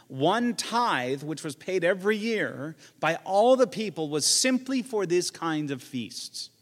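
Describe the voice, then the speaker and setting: A pastor delivering a sermon with a slightly higher-pitched voice than most men. He talks in a conversational way, slips in jokes and acts out the lines he quotes. His voice carries a long reverb, as if filling a large hall.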